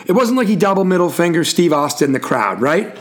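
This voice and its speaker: His voice sits high, swings widely in pitch and moves fairly quickly. Hosting a casual sports talk podcast, he spins a wry, playful story full of wrestling references before handing off to his co-host.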